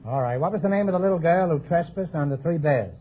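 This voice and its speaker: A man hosting a 1950s radio quiz show, quick with jokes and wisecracks. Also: a little high, expressive. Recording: old radio broadcast, tinny and noisy.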